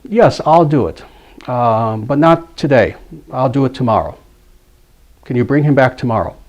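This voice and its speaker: A man playing a calm, patient elderly leader who speaks gently and evenly. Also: mid-range voice, moderate pace, close to an everyday voice.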